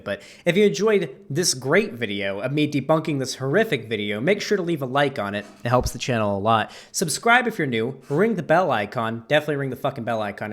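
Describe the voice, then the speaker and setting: A young man ranting through a reaction video at a middling pitch. He rambles and swears freely, stacking up "like" as he goes. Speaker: host. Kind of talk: profane reaction commentary.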